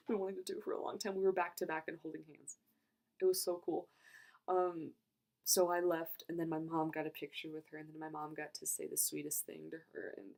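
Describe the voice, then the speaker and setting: Gushing young woman telling a story. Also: low-pitched. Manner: gushing, rambling, breathless with excitement. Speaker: vlogger. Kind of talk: excited storytime vlog.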